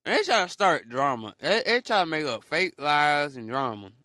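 A man's voice: fairly high pitch, sing-song, normal speed, bright, forceful tone, no room sound, studio quality. A young man talking casually in a rambling motivational monologue, joking and laughing as he mocks the people who envy success. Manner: rambling, joking, laughs often, mocks haters in put-on voices. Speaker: podcast host.

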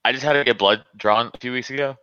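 Man, rambling storyteller, bright voice, dry sound. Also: mid-range voice, fairly even intonation, quick pace, smooth, no room sound, lo-fi sound. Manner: rambling storyteller, many restarts and "like". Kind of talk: casual banter.

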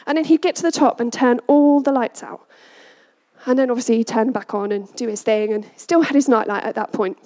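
A woman parent giving a personal storytelling talk, animated and laughing often as she acts out quotes. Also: sits high, fairly quick.

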